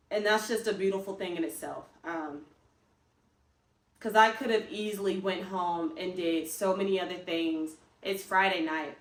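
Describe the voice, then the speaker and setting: A young woman fitness vlogger talking casually to her viewers, chatty and emphatic, rambling as she encourages herself. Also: medium pitch. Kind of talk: casual vlog talk to camera. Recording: roomy, picked up from a distance.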